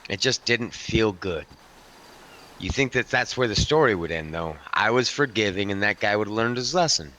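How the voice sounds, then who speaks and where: A man's voice: fairly low pitch, animated, moderate pace, pushed and bright, a little hiss or hum. A man playing a profane biker enforcer. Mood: tense storytelling. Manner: profane, rambling storyteller; keeps addressing the listener by name. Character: foul-mouthed hardened male biker club enforcer. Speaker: roleplay character telling a story. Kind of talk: improvised game role-play storytelling.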